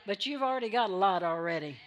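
A woman's voice: mid-range voice, lively intonation, fast talker. A woman pastor preaching a sermon in church, repeating phrases for emphasis and drawing amens from the congregation.

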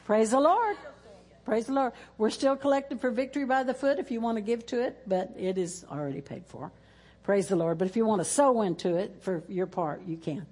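A woman's voice: medium pitch, fairly quick, mellow, slightly rough. A woman pastor speaks to her church in a folksy way, dropping in praise interjections and ending with a chanted prayer. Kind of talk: church service talk and closing prayer.

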